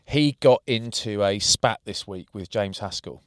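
Low-voiced man telling a story. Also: unhurried, no echo, clean studio sound. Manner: animated storytelling with banter. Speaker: podcast co-host. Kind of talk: casual chat.

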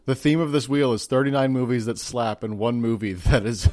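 A man's voice: mid-range voice, fairly quick, a little mellow, no echo. A young man co-hosting a film podcast, chatting casually and swearing freely between jokes. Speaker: podcast co-host. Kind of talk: casual chat.

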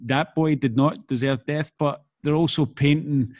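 Male host, casual chat, earnest measured delivery, dry close mic. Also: a little high, steady tone, darkish tone, no room sound, highs cut off.

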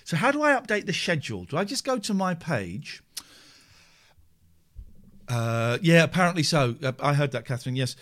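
A man's voice: fairly high pitch, very animated, moderate pace, pauses often, a bit bright. A man hosting a casual live stream, rambling playfully and talking to himself as he clicks through tasks. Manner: rambling, playful, talks to himself while working. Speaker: streamer and radio-style host.

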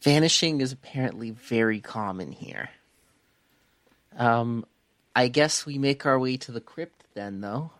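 A man playing in a tabletop game, joking and often halting mid-phrase. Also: medium pitch, fairly bright tone, no echo. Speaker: player.

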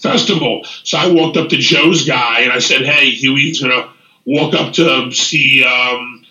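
A man hosting a casual chat, telling an animated story, swearing freely and acting out what people said. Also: mid-range voice, measured pace. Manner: animated, swears freely, retells scenes in quoted speech. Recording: echoey room.

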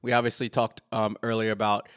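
A man's voice: fairly low pitch, little pitch movement, fairly quick, fairly bright tone, clean tone. A man hosting a podcast in casual chat, telling stories animatedly and swearing freely. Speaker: podcast host.

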